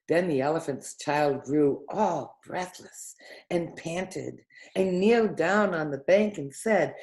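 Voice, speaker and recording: Slow, mellow woman reading a story aloud. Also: deep voice. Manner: gentle, expressive storytelling.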